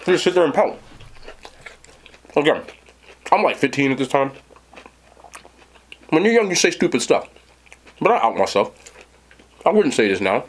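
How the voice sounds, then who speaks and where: A man with a husky voice tells a long story in a lively way, his pitch jumping up and down. He talks straight to his chat in a casual, animated tone, as a host of his own eating show. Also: moderate pace, pauses often. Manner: animated, talks to viewers directly. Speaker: mukbang host.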